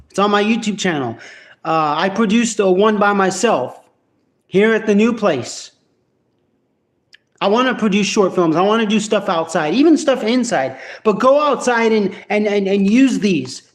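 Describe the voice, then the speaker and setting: A man ranting casually to camera in a vlog at home, profane and rambling with many restarts. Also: high-pitched. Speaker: vlogger.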